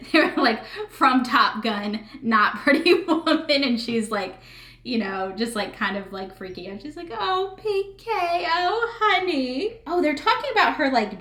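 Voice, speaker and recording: A woman's voice: medium pitch, pushed and bright. A young woman recapping a reality TV episode in casual chat, full of "like" fillers. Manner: chatty, filler-heavy with frequent "like". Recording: echoey room.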